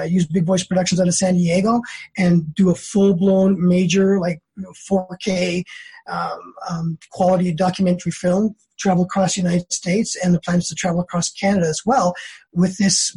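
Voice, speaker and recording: A man's voice: sits high, breathy edge, low-quality recording. A man being interviewed, telling his story in a conversational way, acting out quoted dialogue with lots of restarts. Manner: animated, acts out quoted dialogue with many restarts. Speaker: interview guest.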